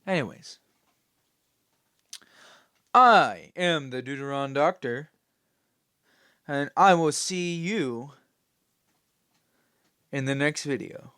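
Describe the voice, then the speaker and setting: A man talks through his opinions in a slow, meandering way, padding his points with fillers. His voice sits a little high, and the sound is dry and close. He turns dismissive and scolding when he addresses his critics. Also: bright, forceful tone, clean tone, dry recording. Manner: rambling, opinionated, many fillers. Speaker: channel host. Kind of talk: opinion commentary vlog.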